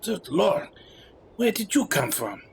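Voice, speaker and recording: A man's voice: sits high, very animated, slow, gravelly, slight background noise, pitched above the performer's own voice, exaggerated voice. A man voicing an earnest young heroine who answers back in an indignant, raised voice.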